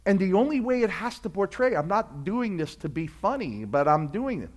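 A man preaching a sermon, telling a story and acting out voices, building from quiet asides to loud fervent climaxes. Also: sits high, very animated, moderate pace. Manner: storytelling preacher, acts out voices, swells to shouts. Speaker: pastor.

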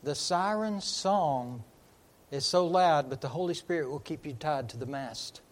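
High-voiced man preaching with fervor. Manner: emphatic, swings from loud to hushed, slows on key words. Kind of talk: sermon.

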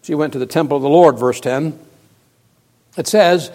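A male pastor preaching a sermon, moving from hushed, quiet passages to loud, emphatic ones and repeating key words. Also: fairly high pitch, moderate pace, pauses often. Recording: long reverb of a large hall.

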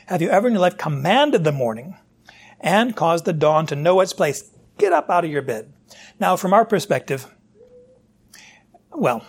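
A man's voice: on the high side, husky. A man preaching a sermon, asking rhetorical questions and voicing God's challenges to his listeners. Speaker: pastor.

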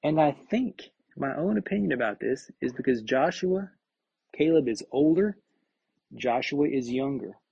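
A man's voice: medium pitch, lively intonation, unhurried, creaky, mellow, slightly rough, no echo. A man teaching a Bible study verse by verse, reading scripture aloud and then commenting, often repeating words as he gathers his thoughts. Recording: dull, lo-fi recording.

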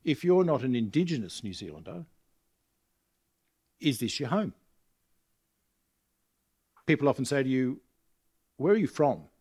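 A man's voice: mid-range voice, sing-song, a little slow, pauses often, a little mellow, slightly rough. A middle-aged man from Australia preaching a sermon in a chatty way, asking his congregation rhetorical questions. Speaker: visiting preacher. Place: church congregation.

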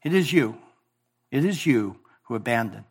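A male pastor preaching a sermon in a church, voicing scripture and God's words with swings from loud emphasis to hushed tones. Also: medium pitch, expressive, moderate pace, slightly rough. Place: church sanctuary.

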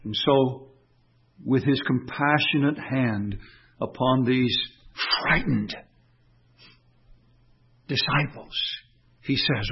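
A man preaching a sermon, swinging between raised, emphatic declarations and quiet, tender passages. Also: mid-range voice, slow, long pauses, breathy edge, dull audio. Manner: impassioned, swinging from raised, emphatic lines to quiet, soft reflection.

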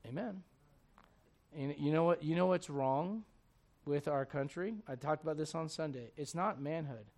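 A male pastor preaching a sermon, swinging between shouted intensity and hushed, gentle tones. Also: fairly high pitch, moderate pace.

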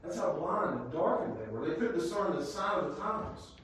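A man preaching a sermon in a church, swinging from low, quiet passages to shouted, repeated lines. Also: very animated, moderate pace, slight background noise. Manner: dramatic, swings from low murmurs to shouted repetition. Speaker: pastor. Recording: very echoey hall, voice far from mic.

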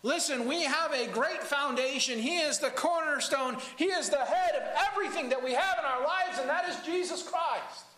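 A man's voice: very high voice, moderate pace, hardly any pauses, sharp tone, reverberant, a little hiss or hum, low-quality recording. A man preaching a sermon as pastor of a church, with an emphatic delivery that rises and falls.

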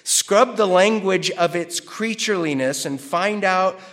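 A man with a high voice and a somewhat slow delivery gives an animated, conversational theology lecture in class. He reads quotations out loud and raises questions about them.

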